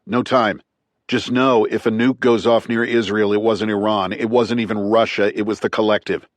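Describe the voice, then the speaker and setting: A man's voice: on the low side, little pitch movement, moderate pace, no room sound, lightly acted. A man voicing a tough former military man who talks in clipped, urgent, profane bursts. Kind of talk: audiobook character reading.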